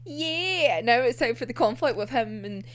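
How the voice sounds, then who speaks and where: A woman's voice: on the high side, expressive, moderate pace. Giggly woman gushing over manga. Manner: giggly, gushing, swears freely, says "like" constantly. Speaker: manga reviewer. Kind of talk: casual chapter reaction.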